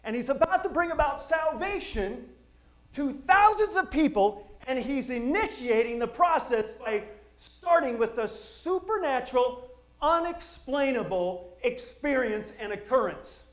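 A middle-aged man preaching a sermon, telling stories with jokes and asides in an animated way. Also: very high-pitched, a little slow. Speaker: pastor.

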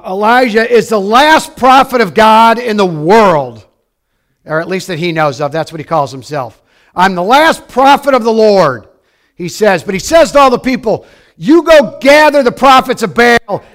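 Pastor, male, high-pitched, preaching with lively swings between soft and loud delivery. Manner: animated storytelling with wide swings from quiet to loud. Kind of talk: sermon.

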